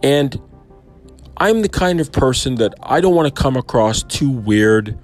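Soft music hums faintly beneath a man of ordinary middle pitch as he thinks aloud about a sermon he heard, speaking as a Christian believer. Animated yet thoughtful, he questions himself, weighs each word, and fills frequent pauses with fillers in this reflective, off-the-cuff monologue.

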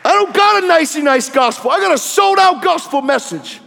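A man preaching a fiery sermon, shouting and telling stories with acted-out quotes, in a large hall with an audience. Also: extremely high pitch, lively intonation, moderate pace, gravelly, a faint crowd.

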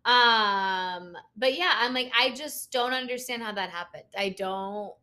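A woman's voice: mid-range voice, unhurried, sharp tone. A young woman in casual chat, telling a story with lots of fillers and cursing.

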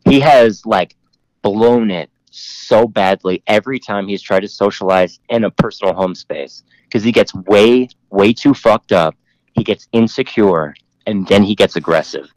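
A man's voice: fairly low pitch, measured pace, dry recording, low-quality recording. A man in his thirties, a podcast guest telling a long story in a rambling way, with many fillers and lots of swearing. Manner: rambling, filler-heavy, laughs often, profane. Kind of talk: casual storytelling.

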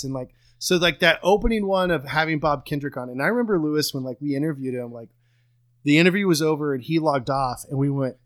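A man's voice: a little high, fast, fairly bright tone. A man co-hosting a podcast in casual chat, rambling and self-deprecating with lots of fillers, on a home microphone over a remote call. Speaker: podcast co-host.

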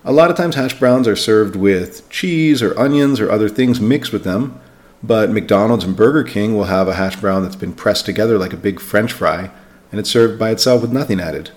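A man hosting an English-learning podcast, reading a vocabulary lesson and spelling words out slowly for learners. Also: on the low side, a little mellow. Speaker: podcast host, English teacher.

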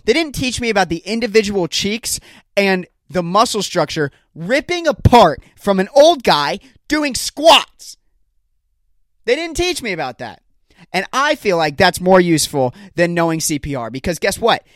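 A man's voice: sits high, sing-song, moderate pace, dry recording. A young man hosting a solo comedy podcast on a studio mic, rambling through stories with exasperated, self-mocking energy. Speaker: podcast host. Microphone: studio podcast microphone.

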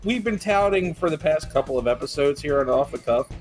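A man co-hosting a podcast in casual chat, relaxed and laughing often. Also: on the high side, a little fast, soft background music. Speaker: podcast co-host.

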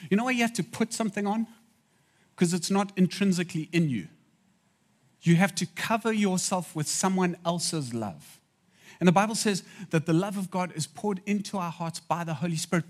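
Man preaching a casual sermon. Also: sits high. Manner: conversational, asides to the audience.

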